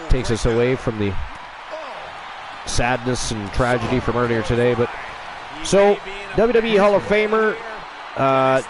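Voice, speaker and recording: A man hosts a wrestling talk show, speaking in a laid-back, measured way with plenty of hesitant fillers. His voice sits at an ordinary pitch while a loud crowd plays behind him. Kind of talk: casual chat and reading news.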